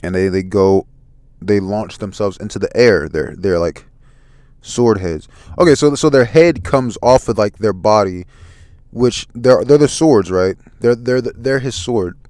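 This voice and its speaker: A man casually recapping a manga chapter, relaxed with many fillers. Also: fairly low pitch, unhurried, dry recording. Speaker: manga reviewer.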